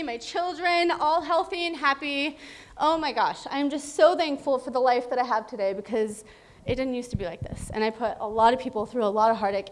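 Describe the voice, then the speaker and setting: High-voiced woman giving a recovery testimony. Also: a little hiss or hum. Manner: emotional, candid, laughing often. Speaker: recovery meeting speaker. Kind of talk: personal testimony.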